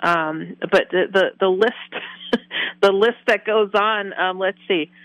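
A woman recounting a personal experience with animated storytelling, now and then laughing as she acts out her own reactions. Her voice sits in an ordinary middle pitch. The recording is close and dry, with no room sound. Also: slow pace, no echo, muffled recording. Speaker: interview guest. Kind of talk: personal testimony.

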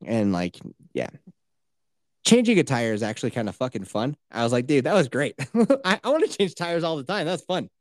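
Young male host, loose profane storyteller, average pitch, dry mic. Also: wildly swooping pitch, moderate pace, darkish tone, no echo. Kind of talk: casual chat.

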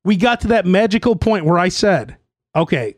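A man's voice: sits high, a little fast, no echo, clean studio sound. A man hosting his own podcast, telling stories in a profane, playfully indignant way. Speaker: podcast host. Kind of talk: solo comedic storytelling podcast.

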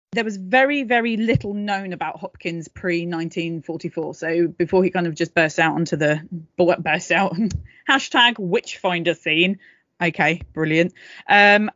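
A woman's voice: medium pitch, a bit bright, dry recording. A woman co-hosting a casual history podcast, chatty and full of jokey asides. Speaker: podcast co-host. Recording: slightly dull, dry home mic.

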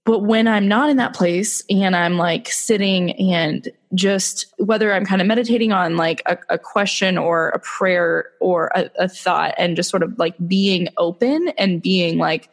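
A woman's voice: on the low side, unhurried, few pauses. A woman in her thirties, a mother, talking casually about prayer and faith on a podcast, with lots of filler words and heartfelt storytelling. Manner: chatty, many fillers, emotional storytelling. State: tearful when moved.

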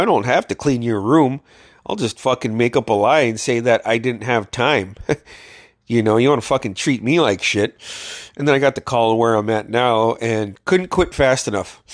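Man, sick with covid, ranting and swearing, mid pitch, dry close sound. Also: no echo. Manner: profane, blunt, ranting storytelling. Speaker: vlogger. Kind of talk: casual venting monologue.

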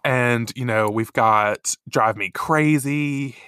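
Bright-voiced man gushing in casual chat. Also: mid-range voice, slow pace, smooth. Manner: gushing, chatty, heavy use of "like". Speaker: podcast co-host.

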